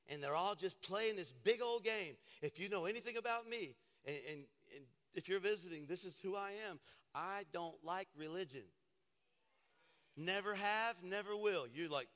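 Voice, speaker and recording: A man preaching a fiery sermon as pastor, swinging from loud declarations to low, intense passages. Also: animated, moderate pace. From Tennessee family roots. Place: church sanctuary. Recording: long reverb of a church hall.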